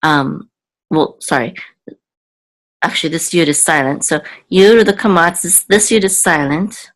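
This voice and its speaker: A woman with a low voice who talks slowly and patiently, explaining each word as she goes. She pauses often, stops to think aloud and corrects herself mid-sentence. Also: low-quality recording. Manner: halting, thinks aloud, frequent ums and self-corrections. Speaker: Hebrew teacher. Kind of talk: slow, patient word-by-word teaching.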